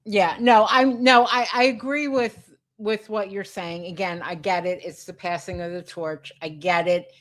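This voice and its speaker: A woman's voice: medium pitch, fairly even intonation, normal speed, few pauses, fairly bright tone. A woman co-hosting a podcast who agrees with her partner and repeats her points for emphasis. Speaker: podcast co-host. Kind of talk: casual wrestling chat.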